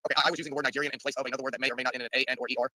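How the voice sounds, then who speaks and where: Bright, fast-talking joking man. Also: mid-range voice, little pitch movement, dry recording. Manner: joking, mock-formal banter. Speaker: chat participant. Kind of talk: casual chat.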